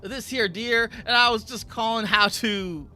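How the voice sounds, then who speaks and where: A man's voice: sits high, measured pace, pushed and bright, exaggerated voice. A man voicing a flustered rural Southern hunter on the phone, with a put-on Southern accent, stammering and drawling. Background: game music.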